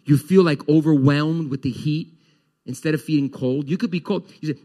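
A pastor delivers a Sunday sermon in a brisk, mid-range voice. He's animated, repeating words and voicing the questions his congregation might ask.

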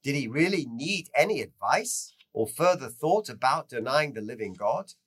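A man teaching through a lecture that tells a story, with lively swings in pitch and loudness. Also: normal speed, husky. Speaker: teacher of Jewish history.

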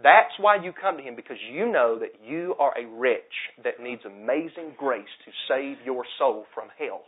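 A man preaching a sermon with passion, repeating his points and swinging from loud declarations to hushed asides. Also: medium pitch, expressive, normal speed. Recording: tinny phone-like sound.

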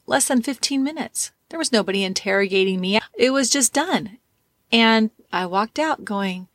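A woman's voice: fairly high pitch, animated, normal speed, a bit bright, dry recording. A woman in her fifties hosting a motivational podcast. She tells a story in a chatty way and then gives emphatic, encouraging advice to her listeners. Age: 50s. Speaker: podcast host, life coach.

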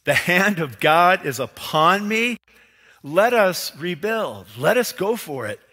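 Male pastor, energetic sermon, rhetorical questions, forceful tone, reverberant church hall. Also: high-pitched, slow pace, breathy edge. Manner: energetic preaching with acted quotes and rhetorical questions.

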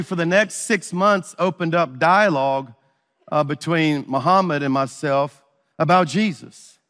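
A man's voice: a little high, sharp tone, big-room sound. A middle-aged man preaching a sermon, telling a story and acting out the dialogue. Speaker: pastor.

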